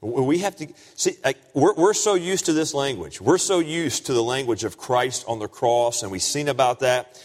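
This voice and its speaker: Preacher man with a lively, swooping voice. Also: normal speed. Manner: swells from low and hushed to loud and high-pitched for emphasis. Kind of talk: sermon. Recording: long reverb of a large hall.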